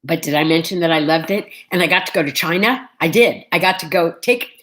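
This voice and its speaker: A middle-aged woman hosting a vlog, telling a story in a chatty, animated way straight to her viewers. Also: fairly low pitch, fairly quick. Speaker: vlog host. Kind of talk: casual storytelling chat.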